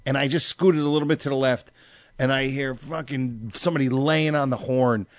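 A man in casual chat, telling stories with lots of swearing and acting out his own shouting. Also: medium pitch, moderate pace, dry recording. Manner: profane, animated, acts out his own yelling.

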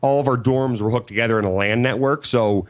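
Male guest, 30s, mid-pitched, rapid rambling anecdotes, casual. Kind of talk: casual chat.

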